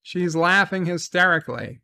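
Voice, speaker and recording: A man with a fairly high, bright, forceful voice talks through a TV episode recap and review. He takes his time, circles back to repeat phrases, and swears casually. The sound is dry and close. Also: normal speed, gravelly, no room sound.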